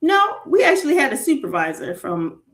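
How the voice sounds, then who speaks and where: A woman with a Southern US accent talks in a lively, rambling way, laughing often and leaning on fillers. Her voice sits a little high. A roomy echo surrounds her. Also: a little fast. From Southern United States. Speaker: guest. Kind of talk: casual chat.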